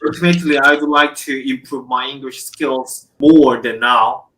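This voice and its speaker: A young man whose first language is Korean, a student, speaking English slowly and searching for words. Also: mid-range voice, bright, forceful tone, rough recording. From South Korea.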